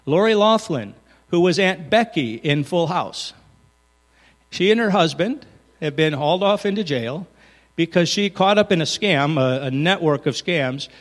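High-voiced pastor preaching in a reverberant hall. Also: male voice. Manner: earnest, swings from loud emphasis to hushed. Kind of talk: sermon.

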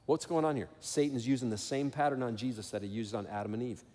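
A man's voice: mid-range voice, fairly even intonation, quick pace, a little mellow. Preaching man in a reverberant church. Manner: earnest storytelling preacher, rising to emphatic exhortation. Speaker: pastor. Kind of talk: sermon.

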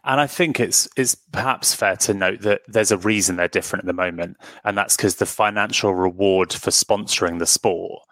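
A man's voice: deep voice, moderate pace, few pauses, fairly bright tone, no echo. A man hosting a casual interview, asking rambling questions and cracking jokes. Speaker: podcast host.

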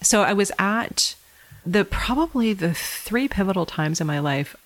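A middle-aged woman telling her life story as a podcast guest, animated and laughing often. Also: medium pitch, measured pace. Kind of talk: conversational storytelling.

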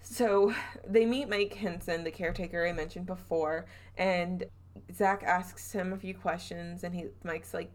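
Chatty woman podcast host, lowish voice. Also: fairly even intonation, measured pace. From Southern US. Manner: chatty, laughs often, trails off with fillers. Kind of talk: casual storytelling chat.

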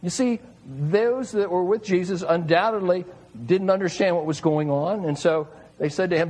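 Preacher, male, husky and fairly high voice, earnest and emphatic sermon delivery. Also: lively intonation, normal speed, a little mellow, poor audio. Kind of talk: sermon reading and explaining scripture.

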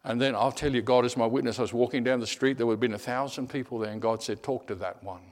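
A middle-aged man delivers a sermon built on personal stories. He swings between animated telling and hushed, almost whispered moments, often repeating words as he goes. His pitch sits in an ordinary middle range. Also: fast talker. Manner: animated storyteller, repeats words, drops to a hush. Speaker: preacher.

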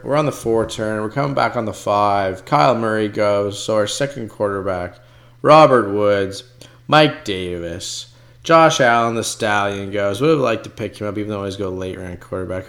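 Gravelly man running excitable draft commentary. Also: medium pitch. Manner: excitable, talks to viewers as folks, swears under pressure. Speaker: fantasy football drafter. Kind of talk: casual live draft commentary.

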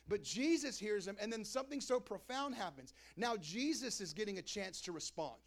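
A man's voice: sits high, expressive, fairly quick. A young man preaching a sermon as the pastor, in a casual, conversational way with slangy asides. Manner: casual preaching, acts out crowd and Jesus in quoted voices.

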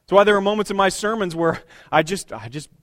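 A man in his thirties preaching a sermon as pastor, conversational and animated, with self-deprecating asides. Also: sits high, fast, no echo, clean studio sound. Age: 30s.

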